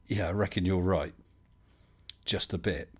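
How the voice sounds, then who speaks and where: Man, forties, rambling live stream host, lowish voice, lots of ums. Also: fairly even intonation, unhurried, a little mellow, breathy edge. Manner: rambling and chatty, with many fillers and restarts. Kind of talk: casual live chat reading viewer comments.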